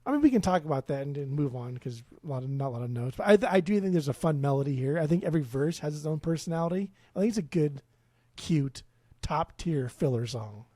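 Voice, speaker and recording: A man's voice: fairly high pitch, lively intonation, quick pace, dark tone, no echo, clean studio sound. A man co-hosting a casual music podcast, blunt and swearing freely, often restarting his sentences. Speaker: podcast co-host.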